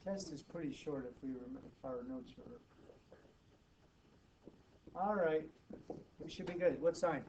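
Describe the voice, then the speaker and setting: A man teaching math to students, brisk and teasing, often checking in with quick questions. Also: fairly high pitch. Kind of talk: classroom tutoring. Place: classroom. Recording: distant, muffled, noisy classroom recording.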